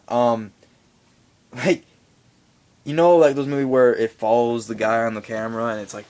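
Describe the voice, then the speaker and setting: A man's voice: mid-range voice, moderate pace. A young man giving a casual, rambling movie review in a home vlog, full of fillers and asides. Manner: rambling, animated, many fillers.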